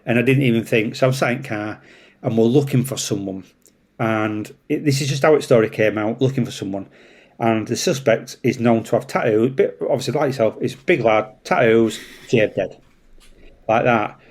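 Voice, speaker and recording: A man with a Yorkshire accent, a traffic police officer telling a story in casual chat, animated and swearing freely. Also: medium pitch, moderate pace. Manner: animated, swears freely, acts out voices in anecdotes.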